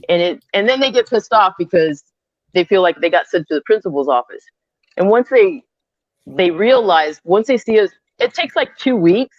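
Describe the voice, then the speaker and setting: A construction superintendent in her fifties tells animated stories in casual conversation, slipping in Spanish phrases. She speaks at a moderate pace with a medium-pitched voice, using earbuds on a remote call, and the dry recording has its highs cut off.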